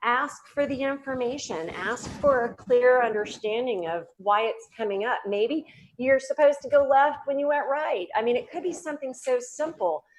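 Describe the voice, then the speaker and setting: A woman's voice: high voice, normal speed, hardly any pauses, a little hiss or hum, poor audio. A woman with a Southern US accent, a guest psychic medium speaking earnestly and spiritedly about healing in a casual interview. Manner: earnest, spiritual, animated with restarts.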